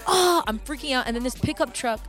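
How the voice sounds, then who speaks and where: A woman's voice: on the high side, quick pace. A woman from Canada telling a story in casual chat, acting out voices and swearing freely.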